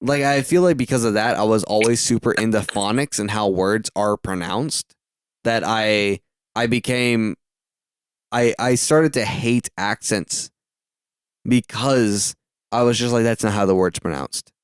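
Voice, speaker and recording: A man's voice: fairly low pitch, measured pace, clean tone, no room sound, studio quality. A man from the southern United States hosting a podcast, chatting casually in a rambling, self-correcting way and swearing now and then. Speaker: podcast host.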